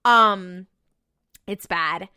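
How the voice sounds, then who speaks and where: A woman's voice: medium pitch, extremely slow, pushed and bright, clear, resonant tone. A woman co-hosting a podcast, recapping a TV episode in a casual, profane, laughing storytelling manner. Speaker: podcast co-host.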